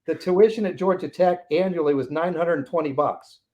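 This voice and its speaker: A man's voice: fairly high pitch, moderate pace, warm tone. A man in his sixties, a podcast guest, telling anecdotes in a casual interview and acting out the voices of the people in them.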